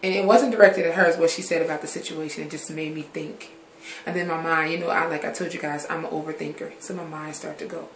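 A grown woman with a fairly low voice, talking frankly to her viewers in a personal vlog. She rambles from topic to topic and drops curse words casually. The room gives the recording a roomy echo, with faint noise underneath. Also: steady tone, quick pace. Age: adult. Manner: rambling, drifts from subject to subject. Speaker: vlogger. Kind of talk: candid personal vlog talk.

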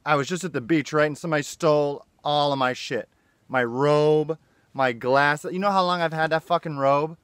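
A brash, swearing Jesus played by a man complains that his robe was stolen. The voice sits a little high, dry and close. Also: moderate pace, a bit bright, smooth, no echo, close to an everyday voice. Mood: aggrieved. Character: casual foul-mouthed Jesus, robbed at the beach. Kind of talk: comedy sketch.

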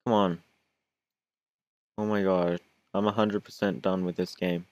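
With a deep voice that barely moves in pitch, a young gaming YouTuber talks at a measured pace over his own play session. He's chatty and jokey, whining and mocking himself along the way, and the sound is dry.

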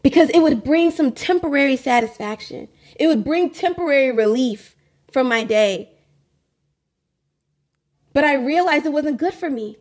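A woman's voice: sits high, normal speed, pauses often, darkish tone. A young adult woman hosting a faith podcast, talking candidly in a casual monologue, often repeating phrases and laughing. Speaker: podcast host.

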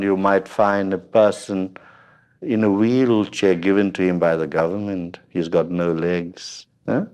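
An older man delivers a spiritual talk to a gathered audience in a very deep, low voice. He speaks slowly and unhurriedly, weaving humorous anecdotes and checking in with listeners through frequent questioning "hmm?" asides. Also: darkish tone. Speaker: spiritual teacher.

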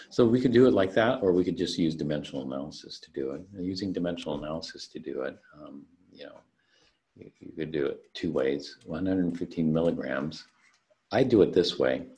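A man's voice: rumbling low, gravelly, darkish tone. A man teaching a recorded online chemistry lesson, talking through unit conversions step by step in a methodical way. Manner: methodical, talks through worked problems step by step. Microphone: computer mic on a video call.

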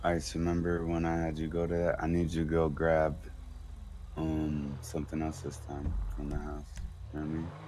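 A man's voice: rumbling low, monotone, a little fast, mellow, slight background noise. A man chatting in character during a game roleplay, laid-back and slangy, teasing his friends. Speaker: roleplay player.

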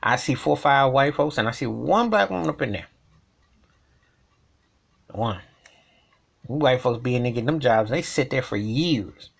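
A man's voice: medium pitch, expressive, moderate pace, vocal fry, pauses often. A man delivering an emphatic, repetitive rant in colloquial speech, commenting as a vlogger. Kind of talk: ranting commentary.

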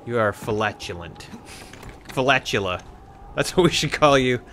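A man's voice: mid-range voice, lively intonation, unhurried, pushed and bright, slight background noise. A man co-hosting a video game session, guiding the player and teasing him dryly in casual banter. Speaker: gameplay co-host. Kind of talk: casual let's-play banter.

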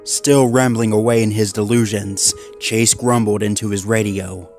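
Steady male story narrator, soft music. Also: lowish voice, moderate pace. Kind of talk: storytelling reading.

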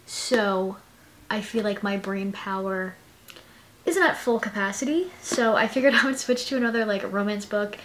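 A woman's voice: mid-range voice, normal speed, fairly bright tone, slight background noise. A young woman chatting casually in a reading vlog, gushing and filling her talk with "like" and "you know what I mean.". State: sleepy. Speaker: book vlogger.

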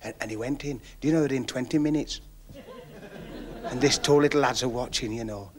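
A man telling a long, chatty joke story on a 1970s TV comedy stage. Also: a little fast. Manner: folksy, chatty tale-spinning that drops low and quiet. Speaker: stand-up comedian. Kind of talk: stand-up storytelling. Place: TV studio stage with audience.

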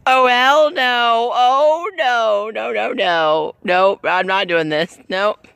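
A woman's voice: fairly low pitch, slow pace, gravelly, fairly bright tone, dry recording, exaggerated voice. A woman voicing Blossom, a bossy, melodramatic cartoon girl heroine in a homemade skit. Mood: dismayed. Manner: bossy, then weepy and melodramatic. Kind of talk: homemade doll skit voice acting.

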